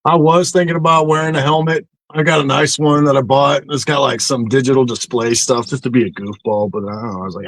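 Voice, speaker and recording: A man's voice: medium pitch, steady tone, fairly quick, a bit bright, no echo, low-quality recording. A man guesting on a casual live chat, easygoing, laughing often and swearing casually. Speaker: guest, publisher and artist.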